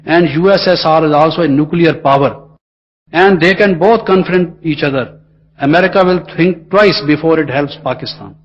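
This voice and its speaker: Indian English male spiritual teacher, husky higher voice, earnest and emphatic, dull lo-fi recording. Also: moderate pace. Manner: earnest, emphatic, repetitive phrasing. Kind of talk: meditation class talk.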